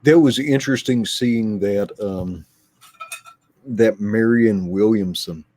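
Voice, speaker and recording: A man's voice: lowish voice, slow, darkish tone, no echo. Laid-back, teasing male co-host. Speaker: livestream co-host. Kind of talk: casual livestream chat.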